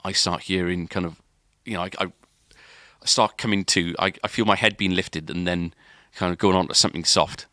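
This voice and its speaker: A man's voice: sits low, fairly even intonation, normal speed, hardly any pauses, bright, forceful tone, dry recording, clean studio sound. A man, a podcast co-host, telling a long story in casual chat, rambling with restarts and filler words.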